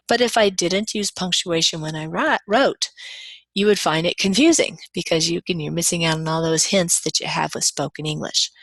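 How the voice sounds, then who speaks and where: A woman lecturer with a low, gravelly voice explains grammar patiently, one step at a time. She is recorded close to the mic, and the sound is dry with no room echo. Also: fairly bright tone. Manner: patient, walks through examples step by step. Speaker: college lecturer.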